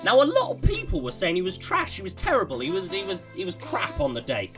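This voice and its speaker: A man in his early twenties talks through player ratings in a loose, slangy, opinionated way. His voice sits a touch higher than most men's. Music plays clearly under him. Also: wildly swooping pitch, fast talker, a bit bright. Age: 20s. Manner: slangy and opinionated, lots of "bro". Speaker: gaming YouTuber rating players. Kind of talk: casual rating commentary.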